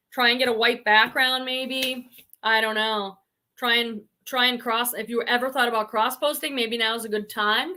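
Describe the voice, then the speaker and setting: A woman's voice: a little high, pushed and bright. A middle-aged woman hosting a casual live stream about online reselling, chatting and reading viewer comments aloud. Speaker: reselling channel host.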